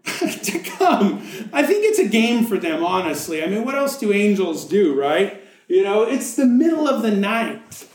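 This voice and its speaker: A man's voice: high-pitched, darkish tone, echoey room, low-quality recording. A man preaching a sermon as pastor, reading scripture and then retelling it with jokes and playful asides.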